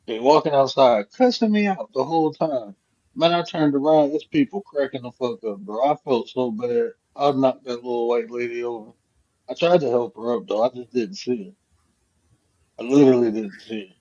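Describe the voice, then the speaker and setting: A man hosting a casual live chat, telling a profane, animated story. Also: medium pitch, moderate pace. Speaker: host. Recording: dull lo-fi stream audio.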